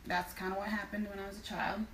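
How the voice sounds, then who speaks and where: A woman's voice: mid-range voice, level tone, fast, very noisy. A woman singer in a casual live video chat, speaking earnestly with frequent fillers. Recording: roomy sound from far off.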